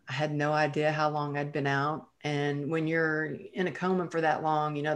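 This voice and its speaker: A woman's voice: deep voice, a bit bright. A middle-aged woman, a guest on an interview podcast, telling her life story vividly and acting out the lines she quotes.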